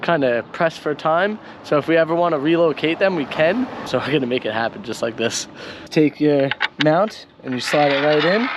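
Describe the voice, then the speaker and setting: A van life vlogger with a New York accent casually narrates a hands-on install outdoors, explaining how it's done. His voice is a little high, and music plays behind him against a noisy background.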